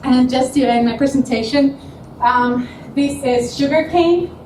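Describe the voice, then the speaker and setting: A student gives a showcase presentation in a high-pitched voice, speaking a little slowly as she laughs and acts out quotes in her animated storytelling. Background noise, room echo, and a distant mic mark the recording.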